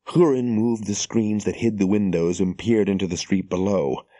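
In a measured, steady storytelling style, a man with a fairly low voice narrates an audiobook. The recording is studio quality with no room sound.

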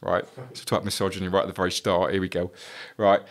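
A man's voice: deep voice, monotone, fast talker. A middle-aged man, a former police detective, telling a story on a podcast in a blunt way, swearing freely and acting out the dialogue.

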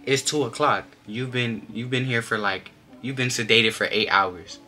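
Calm nurse lady, as a young man puts her on. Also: medium pitch, normal speed, faint music behind. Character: kind hospital nurse, adult woman, calm.

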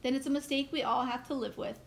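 Woman reading as a quiet, guarded maid. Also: sits high, fairly even intonation, quick pace, a little hiss or hum, low-quality recording. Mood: wistful. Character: careful, reserved woman household maid.

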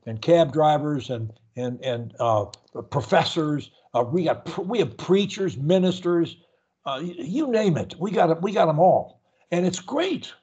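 A man's voice: on the high side, animated, measured pace, a little mellow, husky, dull audio. A man coaching speech in an earnest, emphatic way, often repeating words. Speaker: stuttering coach. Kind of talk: coaching session.

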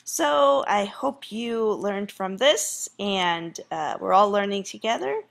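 A woman's voice: medium pitch, lively intonation, slow, vocal fry. A woman teacher walking through a screen tutorial in a casual way, thinking aloud with fillers.

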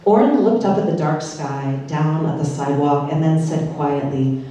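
Deadpan woman reading in an echoey hall. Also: sits low, normal speed, far from the mic. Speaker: author reading her novel. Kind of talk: public reading. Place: large synagogue hall.

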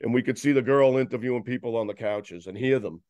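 A man tells a story in an animated, rambling way, often restarting sentences. His voice is mid-pitched and sounds close and dry, with little room echo. It is a relaxed podcast chat. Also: fast. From New York. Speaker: guest describing a concert. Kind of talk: casual chat.

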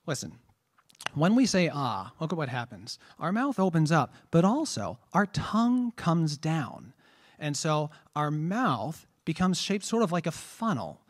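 A man with a fairly high, very animated voice speaks a little slowly while giving a trombone masterclass lecture. He explains breathing through rhetorical questions and demonstrates vowel sounds.

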